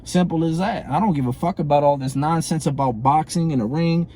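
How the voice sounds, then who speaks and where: A middle-aged man speaks straight to camera in a heated, profane call-out. His voice sits a bit high for a man but has a mellow, warm tone. He hammers on the same points and keeps checking in with "you know what I'm saying.". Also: fairly quick, slight background noise. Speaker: former prison inmate calling out a comedian. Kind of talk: confrontational monologue to camera.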